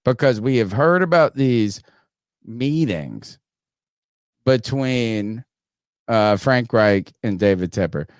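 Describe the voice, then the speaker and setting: A man hosting a sports podcast, talking casually, animated and profane, joking with co-hosts. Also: mid-range voice, slow, long pauses, dry recording, clean studio sound. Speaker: podcast host.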